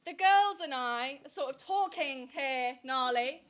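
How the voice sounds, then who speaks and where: A woman's voice: sits high, animated, unhurried, fairly bright tone. A young woman acting a vain new mother in a stage radio play, gushing and condescending. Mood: impatient. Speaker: actor in a youth theatre radio play.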